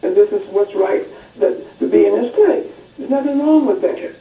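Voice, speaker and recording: A man's voice: high-pitched, lively intonation, normal speed, vocal fry. A man talking bluntly and critically in a discussion, heard on a distant, tinny, echoey recording. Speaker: speaker in a discussion.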